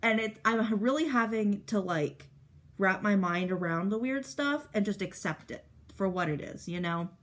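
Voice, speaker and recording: A young woman vlogger chatting casually while doing her makeup, rambling with lots of fillers and getting animated when excited. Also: medium pitch, normal speed. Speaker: beauty vlogger.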